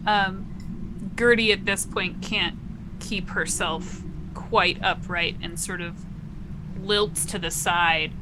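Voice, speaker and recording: A woman running a tabletop game as game master, describing scenes in a slow, measured way. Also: fairly low pitch, steady tone, noisy background.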